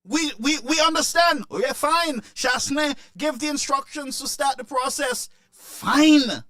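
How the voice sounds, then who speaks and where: A man delivers impassioned political commentary in a high, bright voice. He repeats himself and stumbles through restarts as he presses each point. The sound is dry and close. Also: takes it slowly, no echo. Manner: emotional, repetitive, stammering restarts.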